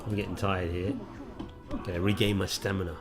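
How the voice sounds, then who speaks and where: A very low-pitched man talks through a game as he plays, in a wry, easygoing way. His chat is loose and full of fillers. A little music sits faintly underneath. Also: fairly quick. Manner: wry, relaxed and chatty with frequent fillers. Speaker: let's play host. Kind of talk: casual gameplay commentary.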